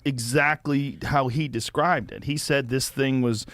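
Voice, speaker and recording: A man's voice: medium pitch, fairly even intonation, measured pace, fairly bright tone, no room sound. A man hosting a podcast, giving short reactions and reading details off a screen in a casual chat. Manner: brief reactions, reads from a screen. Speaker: podcast host. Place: podcast studio. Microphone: studio mic.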